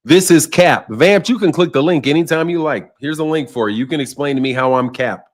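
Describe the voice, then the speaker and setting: A man with a voice on the high side, talking a little fast, discusses boxing casually during a livestream. He reads and answers comments, names the people in chat, and frequently repeats what he's said.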